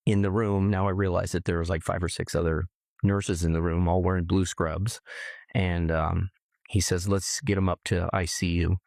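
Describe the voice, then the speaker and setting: A middle-aged man from California telling a personal story earnestly, haltingly, often repeating words as he remembers. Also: sits low, creaky, a little mellow, no room sound. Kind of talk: personal testimony.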